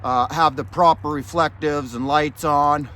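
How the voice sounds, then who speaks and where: A man's voice: fairly high pitch, fairly even intonation, measured pace, sharp tone. Angry rambling man, faint traffic behind. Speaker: vlogger. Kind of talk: casual storytelling.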